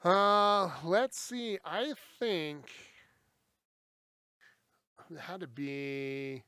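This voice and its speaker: A man's voice: sits high, extremely slow, pushed and bright, clean tone, no echo. A man co-hosting a casual podcast, easily amused and laughing a lot. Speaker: podcast co-host.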